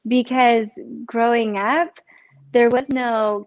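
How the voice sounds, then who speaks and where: A woman's voice: fairly high pitch, steady tone, takes it slowly, muffled recording. A woman cookbook author chatting casually on a livestream from home, bubbly and self-mocking. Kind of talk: casual live-stream chat. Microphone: computer, then AirPods.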